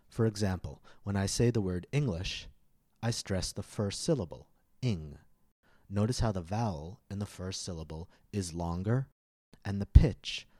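Deep, slow pronunciation teacher. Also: male voice, dark tone, dry recording, studio quality. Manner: slow, careful, clearly enunciated teaching. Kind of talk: scripted podcast lesson.

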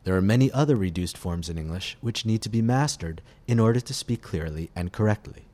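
A man teaching English pronunciation in a scripted podcast lesson, speaking slowly and articulating each word clearly. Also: lowish voice, lively intonation, mellow. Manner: slow, deliberate, clearly articulated delivery.

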